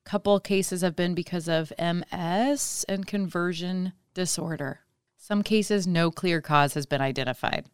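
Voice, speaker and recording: Woman co-host, clear smooth tone, dry close sound, chatty and curious. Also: lowish voice, a little slow, no echo. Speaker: podcast co-host. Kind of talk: casual chat.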